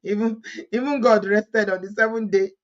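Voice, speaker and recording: A Nigerian woman hosting a casual gossip commentary vlog, laughing often and reading comments aloud with lively reactions. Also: medium pitch, unhurried, muffled recording. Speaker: commentary vlogger.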